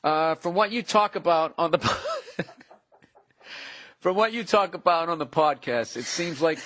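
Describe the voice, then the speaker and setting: A man's voice: mid-range voice, a bit bright. A man with a Boston accent hosting a podcast, chatting casually and slipping into joking voices. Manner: goofy, slips into joking voices. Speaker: podcast host. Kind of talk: casual comedic chat.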